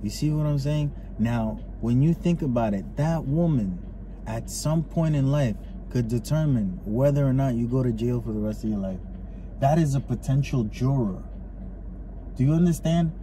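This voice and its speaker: A man co-hosting a casual podcast from inside a car, ranting with lots of swearing and animated storytelling. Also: medium pitch, moderate pace. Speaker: podcast co-host. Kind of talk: casual chat. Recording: faint car noise behind.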